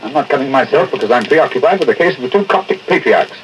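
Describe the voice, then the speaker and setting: An actor playing a brisk, sardonic detective in a 1940s radio drama. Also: male voice, medium pitch, lively intonation, slight background noise, natural voice. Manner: crisp, dry and dismissive. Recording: dull old radio broadcast recording.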